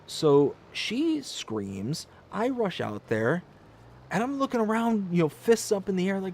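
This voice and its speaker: A man's voice: high-pitched, a little slow, a little hiss or hum. A man hosting a gaming livestream, casually telling a story and acting out the voices in it. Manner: animated, acts out the voices in his story. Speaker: livestream host.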